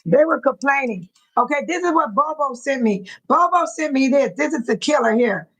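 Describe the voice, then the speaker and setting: A woman with a high voice chats to her livestream viewers. She repeats herself and breaks into laughter again and again as she talks. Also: lively intonation, normal speed, a bit bright, rough recording. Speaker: livestream host. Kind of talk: casual chat to viewers.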